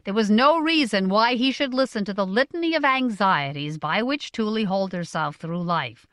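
A woman narrating a novel in a measured, expressive reading. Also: mid-range voice, no echo, studio quality. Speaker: audiobook narrator.

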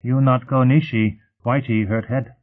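A man's voice: mid-range voice, fairly even intonation, a little slow, voice pushed up, lightly acted. A man voicing a small alien creature that gives blunt orders in broken, clipped speech, heard through tinny phone-like audio. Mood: commanding.

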